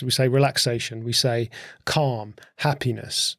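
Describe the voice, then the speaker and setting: A man talks on a podcast in a gravelly, creaky voice and works through his points with rhetorical questions. He often repeats words as he thinks. The sound is dry and close, with no room echo. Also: mid-range voice, normal speed, a bit bright. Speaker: podcast guest, host's husband. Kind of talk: casual conversational explaining.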